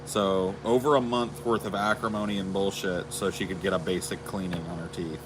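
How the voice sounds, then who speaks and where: A man's voice: sits low, steady tone, normal speed, background noise. A man co-hosting a podcast, telling a long anecdote in casual chat with crude asides. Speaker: podcast co-host.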